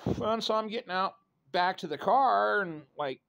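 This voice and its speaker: A man's voice: high-pitched, a little slow, gravelly, a bit bright, muffled recording. Profane rambling middle-aged man. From Idaho, USA. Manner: profane, rambling, full of fillers like "right?" and "you know". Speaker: vlogger telling a personal story. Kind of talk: casual rambling storytelling.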